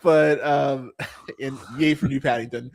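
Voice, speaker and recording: A man hosting a casual movie podcast, rambling and swearing freely, full of fillers and restarts, and turning animated when he mocks what he saw. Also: mid-range voice, unhurried, creaky. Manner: animated when mocking characters. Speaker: podcast host. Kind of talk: casual movie review chat.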